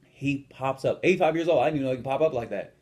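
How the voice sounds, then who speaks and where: A man's voice: mid-range voice, very fast, a little mellow. A young man, a fitness coach, ranting about gym manners in a casual vlog and telling a story in a blunt, profane, swaggering way. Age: young adult.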